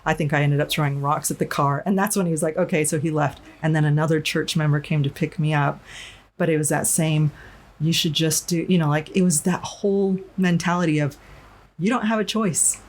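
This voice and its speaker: A woman's voice: low voice, steady tone, a little fast. A woman from Arizona, a podcast guest, telling a personal story in a candid, frank way, with many restarts and some swearing. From Arizona, USA. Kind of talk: casual storytelling interview.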